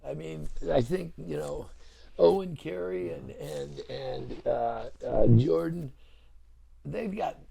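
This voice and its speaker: A middle-aged man, a head football coach, talking casually on a show with animated stories and frequent restarts. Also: fairly high pitch, slow pace, creaky, a crowd in the background, low-quality recording. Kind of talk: casual chat.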